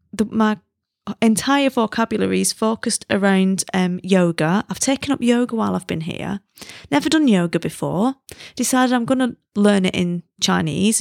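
A British woman talking in a relaxed, chatty way, quick to poke fun at herself. Her voice has a gravelly, fry-tinged texture, and the recording is close and dry with no room sound. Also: mid-range voice, dry recording. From Britain. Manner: chatty and self-deprecating, laughs at herself. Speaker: podcast host. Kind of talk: casual chat.

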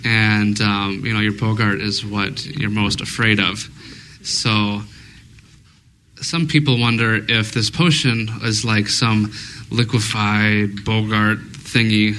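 Co-host, male; bright tense voice, rambling with fillers, faint hiss. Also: lowish voice, flat delivery, slow, low-quality recording. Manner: rambling, thinks aloud with many fillers. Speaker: podcast co-host. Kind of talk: casual fan discussion before a live audience. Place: live event with an audience.

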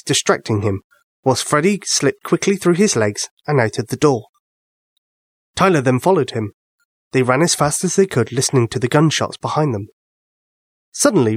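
A man narrating a children's bedtime story with an expressive reading. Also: mid-range voice, husky, no room sound, studio quality.

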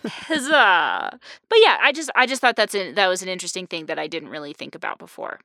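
A young woman hosting a casual podcast chat, animated and quick to laugh, with lots of restarts. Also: fairly low pitch, dry recording, studio quality. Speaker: podcast host.

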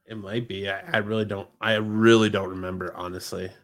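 A man's voice: lowish voice, little pitch movement, a little fast. A man with an American accent co-hosting a podcast in casual chat, making dry teasing jokes. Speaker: podcast co-host.

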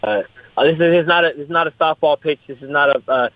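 A man's voice: a little high, quick pace, no room sound. A young man, a fighter, talking in a casual interview, rambling, repeating his words and swearing freely. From US West Coast. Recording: tinny phone-like line.

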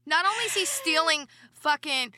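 A woman co-host with a bright, lively voice jumps in with crude jokes and quick reactions. Her talk is loose and conversational, and the recording is dry and close. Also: high-pitched, dry recording. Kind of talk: casual chat.

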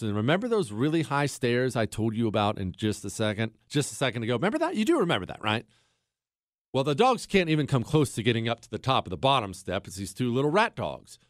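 A man's voice: mid-range voice, no echo, studio quality. A man hosting a podcast, telling a long story in a casual, joking way and talking straight to his listeners. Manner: animated, jokey, addresses listeners directly. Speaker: podcast host.

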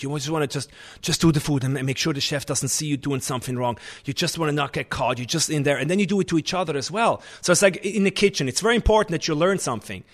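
Animated man telling kitchen stories. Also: on the high side. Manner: animated, restarts often, acts out kitchen shouting. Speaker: chef. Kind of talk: conversational storytelling.

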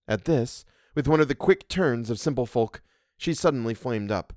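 A man reads a classic ghost story in a measured, expressive manner. His voice sits at a middle pitch and moves lively up and down. The sound is dry and close, with no room echo. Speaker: reader. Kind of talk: audiobook reading of a classic story.

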